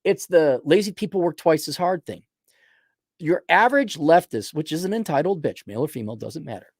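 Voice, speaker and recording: A man's voice: fairly high pitch, lively intonation, a little fast, no room sound, clean studio sound. A man hosting a show and ranting in a blunt, crude and combative way. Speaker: podcast host. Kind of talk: profane rant.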